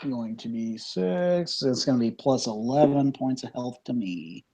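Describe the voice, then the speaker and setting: A player takes their turn at a tabletop game, sounding quiet and matter-of-fact. They speak at an everyday mid pitch in a casual way. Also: lively intonation, a little slow. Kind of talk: casual chat while playing.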